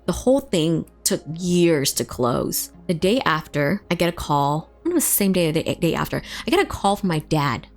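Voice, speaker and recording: A woman's voice: sits low, sing-song, a little fast, few pauses, faint music behind. Candid woman telling a personal story. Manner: casual, emotional, full of "like" fillers and swearing.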